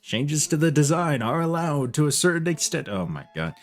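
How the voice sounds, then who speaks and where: A man's voice: a little high, sing-song, moderate pace, faint music behind, pitched above the performer's own voice. A man reading aloud as a fussy young woman stuck in a stuffy uniform, in a slightly nasal, whiny way. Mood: thoughtful.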